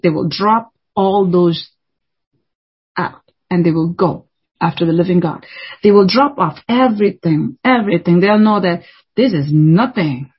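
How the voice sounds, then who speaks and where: A woman's voice: fairly low pitch, breathy edge, highs cut off. A woman preaching a sermon in an earnest way, repeating phrases for emphasis.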